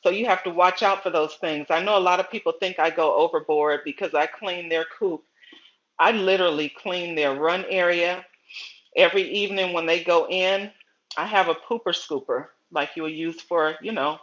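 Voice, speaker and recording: A middle-aged woman hosting a casual gardening livestream, chatty and storytelling, often pausing to greet viewers by name. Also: on the low side, steady tone, fairly bright tone, lo-fi sound.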